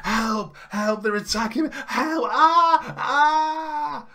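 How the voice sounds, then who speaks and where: A man voicing a frantic cultist woman in her fifties, her voice leaping high and shrill. She shouts and pleads without letup, all raw panic in a tabletop game. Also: takes it slowly, full character voice. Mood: screaming. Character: frantic middle-aged female cultist.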